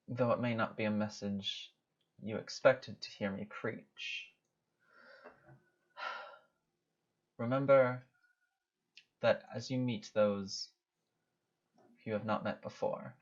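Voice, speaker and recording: A man voicing a mysterious goddess who speaks in slow, solemn, preaching tones. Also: medium pitch, steady tone, lightly acted. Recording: dull lo-fi audio.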